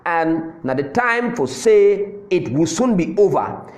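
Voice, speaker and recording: This man's voice is fairly high, sing-song, and slow, with a roomy sound around it. A Southern Cameroonian political commentator with a Cameroonian Pidgin English accent, he gives a fiery speech that drives points home by repeating them.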